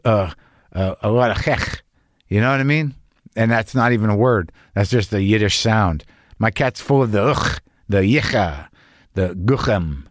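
On his podcast, an older man rambles in a neurotic, swear-filled comedic monologue and chats casually. The voice is on the low side, with a dry, studio-quality recording.

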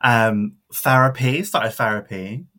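A man's voice: mid-range voice, slow, pushed and bright. A man co-hosting a podcast in casual chat, chatty and laughing often, trailing off with ums. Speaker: podcast co-host.

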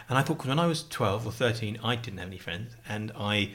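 Fast-talking husky man. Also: fairly low pitch, expressive, sharp tone. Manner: rambling, self-mocking storytelling with many restarts. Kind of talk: casual chat.

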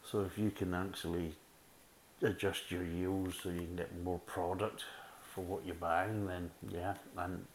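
Deep-voiced blunt male beer reviewer. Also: flat delivery, a little slow, rough recording. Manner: blunt, rambling, repeats himself. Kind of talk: casual spoken beer review. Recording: faint background hiss.

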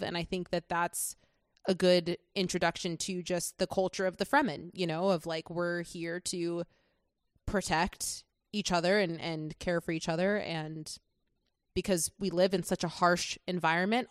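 A woman's voice: fairly low pitch, steady tone, normal speed, no echo, clean studio sound. A woman co-hosting a podcast, chatting casually about a film with enthusiasm and lots of fillers. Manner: enthusiastic, rambling with many fillers. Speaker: podcast co-host.

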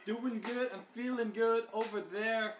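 A man freestyle rapping rhyming shout-outs over a beat, repeating a catchphrase. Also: very high-pitched, fairly even intonation, measured pace, reverberant, soft background music. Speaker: podcast co-host.

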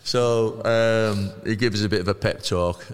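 A man in his fifties, a podcast guest telling lively anecdotes and acting out the voices of people he quotes. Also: fairly low pitch, a little slow, clean tone, big-room sound. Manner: lively storyteller who acts out quoted voices. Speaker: podcast guest, former footballer.

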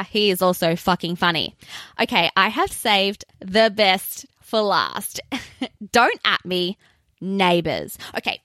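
A woman's voice: mid-range voice, fairly bright tone, dry recording, studio quality. A young Australian woman hosting a podcast, chatting casually with sweary, sarcastic asides. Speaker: podcast host. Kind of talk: casual ranting podcast monologue.

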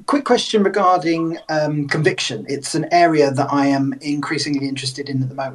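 A male podcast host with a husky, slightly raspy voice puts questions to his guest. He hesitates often and fills the gaps with ums as he looks for the right word. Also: medium pitch, poor audio. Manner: hesitant, many ums while searching for words. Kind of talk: interview questions.

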